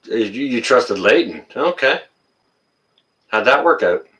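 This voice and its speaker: A man chatting casually on a livestream, his voice swinging up and down as he rants and then calms to apologize. His tone is bright and sharp. He sits a little back from the microphone. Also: medium pitch, takes it slowly, recorded from a distance. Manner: ranting, gets worked up then apologizes. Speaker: livestream host reading viewer comments.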